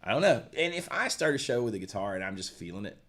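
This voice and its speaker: Male stream co-host, low voice, relaxed rambling gear talk. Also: fast talker. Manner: relaxed, rambling, lots of fillers and restarts. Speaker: co-host of a guitar shop live stream. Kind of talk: casual chat, reading viewer comments.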